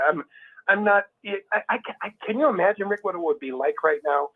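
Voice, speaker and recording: A man's voice: high-pitched, a little fast. A man talking casually and with heat, restarting his sentences often. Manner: emphatic, heated, many restarts. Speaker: guest. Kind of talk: casual conversation. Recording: tinny phone line.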